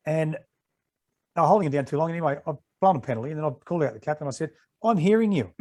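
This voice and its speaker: Australian man, 60s, fairly high voice, lively storyteller, former referee. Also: rapid-fire. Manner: animated anecdotes, acting out quoted exchanges. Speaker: retired rugby league referee, podcast guest. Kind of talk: casual storytelling interview.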